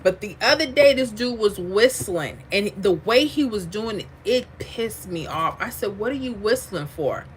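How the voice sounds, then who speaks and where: A woman hosting a lottery livestream, chatting casually, reading viewer comments aloud and drifting into animated asides. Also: mid-range voice, measured pace, few pauses, slight background noise.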